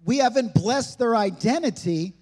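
A man's voice: extremely high pitch, lively intonation, normal speed, darkish tone, long reverb tail. A male pastor preaching a sermon in a church, emphatic and conversational, with frequent rhetorical questions to the congregation. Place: church sanctuary.

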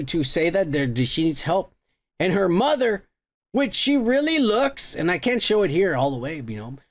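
A man's voice: sits high, gravelly. A man hosting a podcast, rambling through a profane, casual movie review with lots of restarts. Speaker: podcast host.

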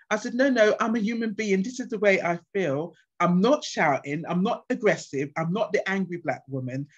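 A woman guest speaker at a conference, answering questions with passionate, animated stories. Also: lowish voice, slightly rough. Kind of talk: conference Q&A with anecdotes. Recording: dull lo-fi sound.

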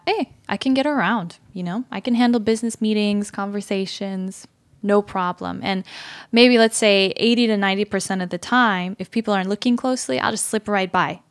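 A woman hosting a casual conversation, telling anecdotes animatedly and acting out what other people said to her. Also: mid-range voice. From mixed Korean. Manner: animated storyteller, acts out others' remarks. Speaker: host.

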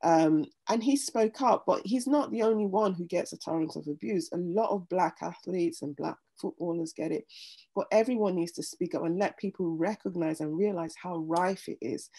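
A middle-aged woman speaking earnestly as an interview guest, animated when retelling stories. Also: on the low side, normal speed. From United Kingdom. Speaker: interview guest, pastor and former nurse. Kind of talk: reflective conversation.

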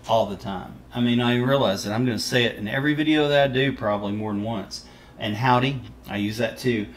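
A man's voice: mid-range voice, fairly quick. A man from Texas with a Texan accent, chatting proudly and folksily as he reacts to a travel video. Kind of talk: casual reaction commentary. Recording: roomy echo, faint noise.

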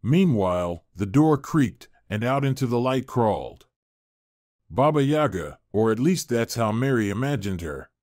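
A man narrating a fairy-tale story in a measured, expressive way. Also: medium pitch, no room sound, studio quality.

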